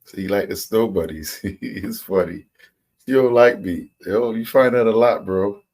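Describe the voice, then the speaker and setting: An American man co-hosting a casual reaction chat, laughing often and telling animated stories. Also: on the low side, unhurried. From United States. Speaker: co-host.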